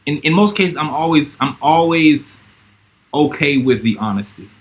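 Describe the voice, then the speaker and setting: A man hosting a casual chat, speaking haltingly and thoughtfully with many restarts. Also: a little high, animated, low-quality recording. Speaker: podcast host.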